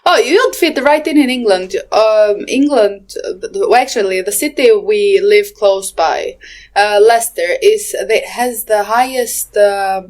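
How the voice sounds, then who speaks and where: A woman's voice: medium pitch, unhurried, a little mellow. Teasing woman, laughing podcast co-host. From Albania. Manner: laughs often, teasing, rambling with fillers. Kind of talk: casual chat. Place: lives in England, near Leicester.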